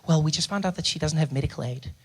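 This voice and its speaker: A South African man telling a story on a comedy stage, his voice pitched high and running quickly. He slips in and out of the people in his tale and bursts into loud shouts at their antics. He is heard through a handheld stage mic. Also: breathy edge. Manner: animated, acts out characters with sudden loud outbursts. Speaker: stand-up comedian. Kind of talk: stand-up storytelling. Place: theater stage before a live audience.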